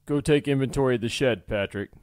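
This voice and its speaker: A man's voice: mid-range voice, fast talker, darkish tone, no echo, clean studio sound, close to an everyday voice. A man voicing a stern, commanding master blacksmith who issues threats and orders. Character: stern powdered-wigged male master blacksmith.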